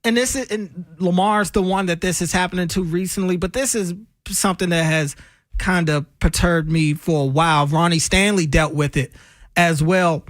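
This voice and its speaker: A man's voice: sits high, normal speed, no room sound, studio quality. A man co-hosting a sports talk radio show, talking casually and getting fired up over his opinions. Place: radio studio. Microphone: studio microphone.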